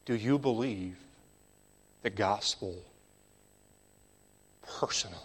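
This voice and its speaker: A man delivering a sermon at a slow, deliberate pace. His preaching is measured and emphatic, rising for stress and then sinking low, almost to a whisper, on key words. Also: fairly bright tone, breathy edge.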